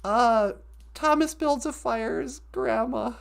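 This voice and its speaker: A woman's voice: on the high side, slow, gravelly. A woman co-hosting a comedy podcast, bantering in a sarcastic, joking way. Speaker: podcast co-host.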